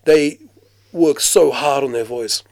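A man raised in Australia talks about his acting career in a relaxed, conversational way. He gets animated and breaks into quick impressions, and he often restarts his sentences. His voice is mid-pitched and sounds close and dry. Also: no room sound. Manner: animated storyteller, mimics voices, frequent restarts. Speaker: actor, guest. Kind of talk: casual interview.

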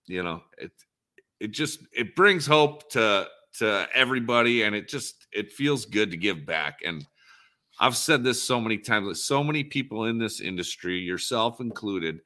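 Brief: male guest, low-set but piercingly bright voice, earnest, stumbling. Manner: halting, earnest, many restarts. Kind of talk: casual chat.

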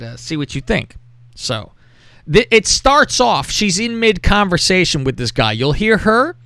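A podcast host talks crudely and animatedly in casual chat, frequently mimicking other people's voices. His voice is fairly high, bright and forceful, with no echo.

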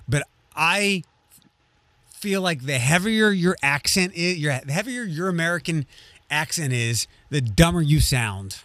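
A man's voice: on the high side, fairly bright tone, dry recording. Wry, rambling man in dry sound. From Western Pennsylvania. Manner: rambling, self-correcting, wry. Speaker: podcast co-host. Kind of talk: casual chat.

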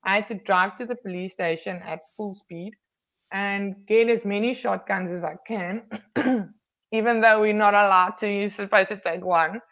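A woman's voice: mid-range voice, steady tone, moderate pace, a bit bright. Chatty South African woman, lo-fi sound. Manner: frank, chatty, frequent ums and restarts. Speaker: police officer. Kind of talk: casual interview storytelling. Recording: slightly dull lo-fi recording.

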